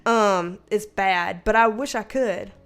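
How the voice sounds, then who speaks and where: A woman's voice: medium pitch, slow pace, fairly bright tone, clean tone. A young adult woman from the United States hosting a casual live chat, a bit tipsy, giggly and rambling, swearing casually as she reads out the chat. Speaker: livestream host reading chat.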